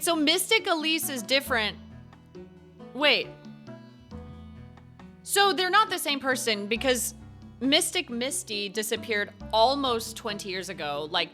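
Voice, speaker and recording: Young woman streamer, high lively voice, excitable let's play commentary with swearing. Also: unhurried, long pauses. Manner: excitable, swears, reads game text aloud. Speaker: gaming streamer. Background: game music.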